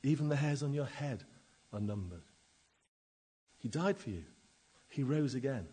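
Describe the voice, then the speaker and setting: A man preaching a sermon and reading scripture, dramatic, with slow emphatic pauses and sudden swells in loudness. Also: medium pitch, animated, slightly rough.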